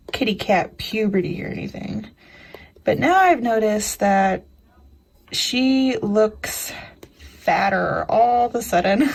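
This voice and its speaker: A woman's voice: medium pitch, gravelly, breathy edge, poor audio. A young woman chatting casually to her viewers as a craft vlogger, rambling from one story to the next with plenty of filler. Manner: chatty, rambling storyteller with frequent "you know" and laughs. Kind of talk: casual chat.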